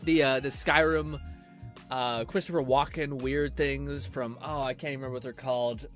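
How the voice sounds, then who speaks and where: A man's voice: mid-range voice, fairly even intonation, normal speed, a bit bright, soft background music. Young man rambling over reaction clips. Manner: laughing, rambling, swears often. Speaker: streamer. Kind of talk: casual reaction commentary.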